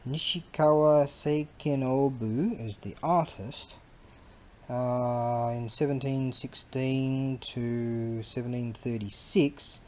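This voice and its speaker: Slow-talking Australian man, rambling. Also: medium pitch, mellow, a little hiss or hum. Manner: slangy, wandering, chuckling storyteller. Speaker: vlogger. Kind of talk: casual rambling commentary.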